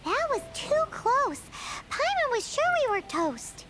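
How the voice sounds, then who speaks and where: An actress voicing a tiny, excitable female fairy companion in a video game, with a squeaky childlike voice and jumpy exclamations. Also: a little slow, music in the background, full character voice. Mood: surprised. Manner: jumpy exclamations, talks of herself by name.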